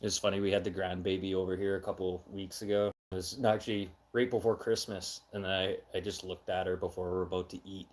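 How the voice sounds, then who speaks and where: A middle-aged man hosting a casual live chat, talking loudly and with heavy emphasis, getting excitable when he has an opinion. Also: low voice, fast, hardly any pauses. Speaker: live stream host.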